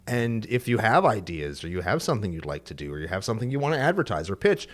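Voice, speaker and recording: A man's voice: lowish voice, sing-song, fast talker. A man co-hosting a podcast in casual chat, earnest and a bit rambling. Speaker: podcast co-host.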